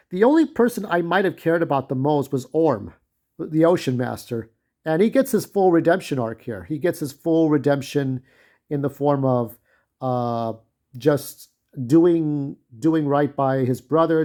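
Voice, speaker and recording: A man giving a casual spoken movie review, rambling and irreverent, with lots of filler pauses. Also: a little high, mellow.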